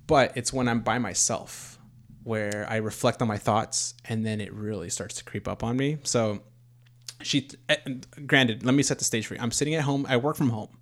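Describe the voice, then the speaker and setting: A man's voice: medium pitch, moderate pace, fairly bright tone. A man of thirty, a first-time father-to-be, telling a long personal story in casual chat, rambling and candid with some swearing. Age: 30s. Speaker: podcast host, expecting first child.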